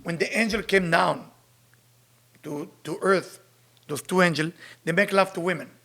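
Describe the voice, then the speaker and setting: Emphatic teacher, man, gravelly. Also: sits high, normal speed, a bit bright. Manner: emphatic, repeats rhetorical questions. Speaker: Kabbalah teacher. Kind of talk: spiritual lecture reading and translating Hebrew text.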